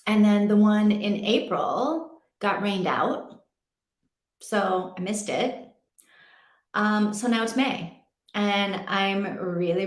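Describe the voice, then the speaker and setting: A young adult woman hosting a casual read-along stream from home, chatting in a rambling way and laughing often. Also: medium pitch. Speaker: livestream host. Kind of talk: casual chat. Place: home in Portugal. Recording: roomy echo.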